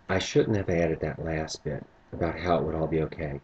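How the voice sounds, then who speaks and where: A man narrating a first-person story in a low, subdued way, on a muffled lo-fi recording. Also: steady tone, normal speed, hardly any pauses, husky.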